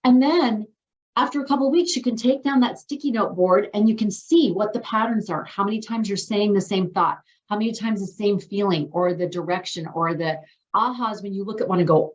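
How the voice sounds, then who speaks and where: Woman, life coach, gentle and affirming, mid-pitched voice, muffled lo-fi call audio. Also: normal speed. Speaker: coach leading a group call. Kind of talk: encouraging coaching talk. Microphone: video call.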